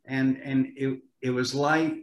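An older man tells animated stories as a guest in a casual interview. He often stumbles and repeats words as he gets going. His voice sits at a middle pitch, and a roomy echo surrounds it. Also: takes it slowly. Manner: animated, repeats words when starting sentences. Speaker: actor guest.

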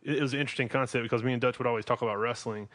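A man's voice: mid-range voice, fairly even intonation, very fast, a bit bright. A man with a Southern US accent hosting a wrestling podcast, rambling and often restarting his sentences. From North Carolina. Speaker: podcast host. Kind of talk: casual podcast chat.

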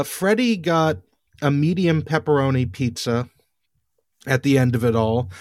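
A man's voice: medium pitch, no room sound, clean studio sound. A man hosting a casual podcast, recapping an episode in a rambling, wry way with lots of fillers and restarts. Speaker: podcast host.

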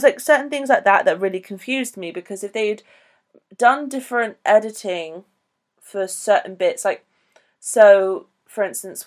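A woman co-hosting a podcast, talking casually about a film in a rambling, animated way. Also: medium pitch. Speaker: podcast co-host.

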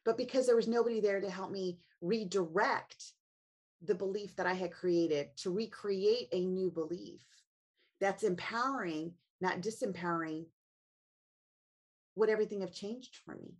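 A woman's voice: medium pitch, moderate pace, darkish tone, breathy edge. Woman, middle-aged, family coach, interview guest, earnest, reflective, rhetorical questions. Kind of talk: interview guest, personal storytelling.

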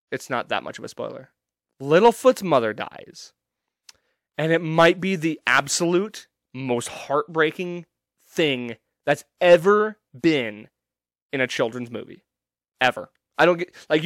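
A young man talks through a casual solo podcast in a slightly raised voice. He is emphatic and rambling, full of swearing and quick restarts. The sound is dry and close, with no room around it. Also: fairly high pitch, fairly bright tone, no room sound. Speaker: podcast host.

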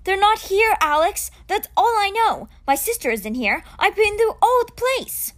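A woman reading a storybook aloud, voicing a worried, blunt teenage boy who speaks loudly and insistently. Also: sits high, sing-song, normal speed, voice pushed up. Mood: agitated.

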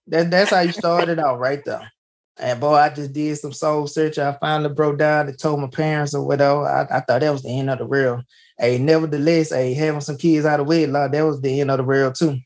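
A man hosts a podcast in a casual, folksy storytelling way. His voice sits a little higher than most men's. He keeps saying "hey" and restarts his sentences. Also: fairly even intonation, a little fast. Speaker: podcast host.

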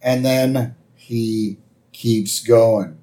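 A man co-hosting a podcast, casually recapping a cartoon episode with quick impressions. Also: mid-range voice. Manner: animated retelling with quick impressions. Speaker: podcast co-host.

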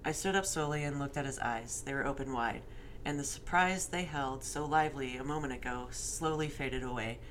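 Low-voiced woman reading a story aloud. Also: normal speed, a little hiss or hum. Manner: reads aloud steadily, slipping into laughter and swearing at the text. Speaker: reader of a fan story. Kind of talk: dramatic reading with joking asides.

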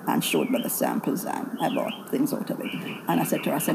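A woman's voice: low voice, a little fast, creaky. A middle-aged Jamaican woman with a Jamaican accent, telling a story in casual chat and acting out the people she quotes. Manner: animated storyteller, acts out quoted voices. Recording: loud background noise.

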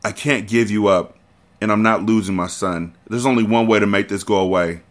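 A man reading the lines of a tormented gangster boss in a low, hushed voice. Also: fairly even intonation, brisk, natural voice. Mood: grim.

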